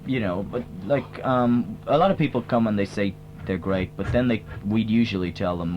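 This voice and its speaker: A man with a very low voice speaks in a put-on American accent, rambling deadpan through a comic radio interview with plenty of hesitant fillers. The sound is a dull, lo-fi old radio tape with a faint hum behind it. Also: normal speed, few pauses. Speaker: tribute band singer interviewed on radio.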